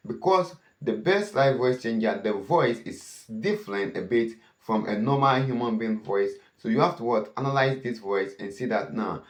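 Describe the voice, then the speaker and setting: A man hosting a cyber safety channel, warning viewers and often posing "what?" questions that he answers himself. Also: mid-range voice. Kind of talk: warning talk to camera. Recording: echoey room.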